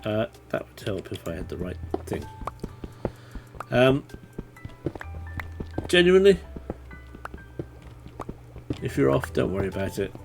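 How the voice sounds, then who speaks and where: A man's voice: on the low side, sing-song, slow, vocal fry, long pauses, music in the background. A man chatting casually to his viewers while playing a game on a livestream, rambling and swearing when startled. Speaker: streamer. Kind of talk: casual gaming livestream chat.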